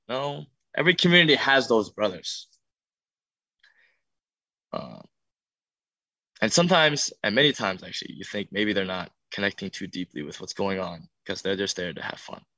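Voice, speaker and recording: A man's voice: lowish voice, pushed and bright, no room sound. A young man who leads youth workshops, telling a heartfelt testimony in an earnest, emotional way that builds in intensity. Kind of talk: testimony talk.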